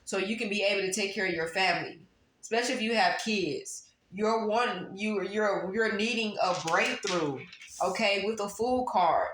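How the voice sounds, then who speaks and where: Woman tarot reader, casual and emphatic, mid-range pitch, roomy echo. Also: normal speed, fairly bright tone. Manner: emphatic, repeats phrases for stress. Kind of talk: casual tarot reading to viewers. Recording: roomy echo, faint background noise.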